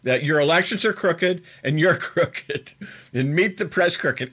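A man's voice: on the high side, measured pace, a bit bright, husky. A man hosting a political commentary show, recounting an interview in a casual, incredulous and mocking way, laughing as he goes.

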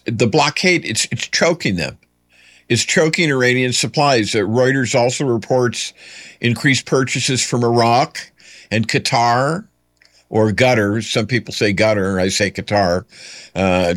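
A man's voice: medium pitch, fairly bright tone, dry recording. Male political commentary host, unscripted solo monologue, dry close sound, lots of "uh" and restarts, wry asides.

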